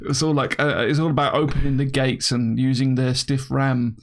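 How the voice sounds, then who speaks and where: Gravelly-voiced British man hosting a podcast. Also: mid-range voice, flat delivery, moderate pace. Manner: laughs often, reads listener questions aloud. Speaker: podcast host. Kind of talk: casual chat.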